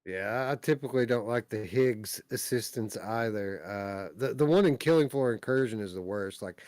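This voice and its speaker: A man's voice: fairly low pitch, normal speed, darkish tone, no echo. A man hosting a casual podcast, ranting bluntly about small annoyances and reading out viewer comments. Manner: blunt, ranting, reads out chat. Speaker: podcast host.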